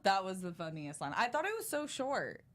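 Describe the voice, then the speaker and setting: A woman's voice: medium pitch, very animated, moderate pace. A woman co-hosting a TV review show, talking about sketches in an upbeat, enthusiastic way. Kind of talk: casual review chat.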